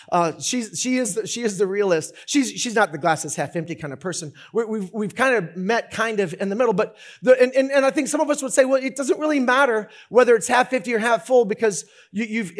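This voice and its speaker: A man preaching a sermon as pastor, talking in an animated, conversational way with many restarts. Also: sits high.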